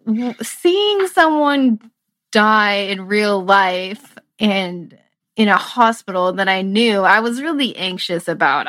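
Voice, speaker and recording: A woman's voice: mid-range voice, a bit bright, dry recording. A young woman in her twenties, a medical student, telling a personal story in an earnest, reflective way and laughing through its emotional moments. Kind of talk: casual conversational storytelling.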